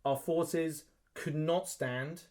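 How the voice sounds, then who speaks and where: Man, podcast co-host, lively storytelling, slightly high voice, acts out the quotes. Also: drawn-out words. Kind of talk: casual chat, storytelling.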